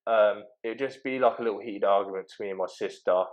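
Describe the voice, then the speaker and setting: A young man with a low voice speaks as a podcast guest. He talks casually and haltingly, full of fillers and restarts. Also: dull audio. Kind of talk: casual interview talk.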